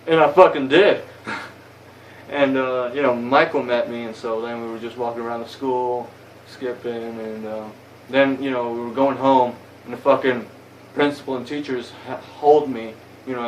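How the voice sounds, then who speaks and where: A man's voice: mid-range voice, far from the mic, a little hiss or hum, rough recording. A young man telling a story in a casual vlog, rambling and swearing a lot, heated and blunt. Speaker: vlogger. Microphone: phone camera.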